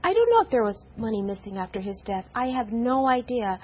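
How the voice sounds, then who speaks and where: A woman in her fifties, a guest on a TV morning show, speaking earnestly and haltingly and often repeating words. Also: fairly high pitch, very animated, husky. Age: 50s. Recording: slightly dull TV broadcast audio.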